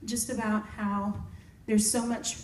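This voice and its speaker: A woman who works as a music therapist, speaking softly and casually to campers between songs. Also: mid-range voice, flat delivery, slow pace, slight background noise. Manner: soft-spoken, conversational, with y'all. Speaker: singer-songwriter and music therapist. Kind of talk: casual talk to campers and live singing. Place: camp room, live performance. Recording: roomy, distant mic, with loud guitar. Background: guitar playing.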